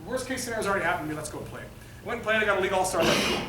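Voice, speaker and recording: A former athlete in his thirties speaks to a room of students, rushing through his story with quick, lively energy. His voice sits high for a man and carries through a roomy hall. The mic is set back from him, and a faint ambient hum sits under the talk. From Canada. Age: 30s. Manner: animated, acts out quoted voices. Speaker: motivational speaker. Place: high school gym or auditorium. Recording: echoey hall, mic at a distance.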